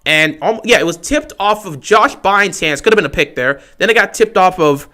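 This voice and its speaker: Excitable high-voiced male sports fan. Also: normal speed. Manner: excitable, talks straight to his team. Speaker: fan livestream host. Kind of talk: fan play-by-play commentary.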